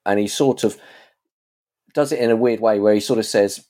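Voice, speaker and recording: A man's voice: on the low side, fairly quick, warm tone. A man in casual chat, reviewing TV series in a rambling, chatty way with frequent restarts.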